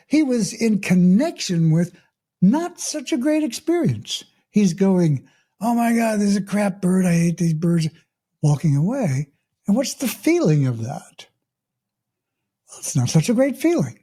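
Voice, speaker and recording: Man, middle-aged, mindfulness coach, mellow tone, calm and unhurried, reflective podcast talk. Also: high voice. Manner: calm, unhurried, gently clears throat often. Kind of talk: reflective podcast monologue with a story.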